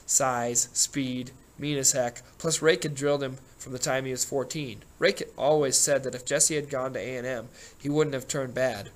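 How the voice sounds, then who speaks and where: A man reading a gruff, middle-aged sheriff who spins long folksy yarns at an ordinary pitch. He rambles and growls his way through the telling, like a storybook lawman who loves to talk. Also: fairly even intonation, moderate pace, few pauses, close to an everyday voice. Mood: folksy storytelling.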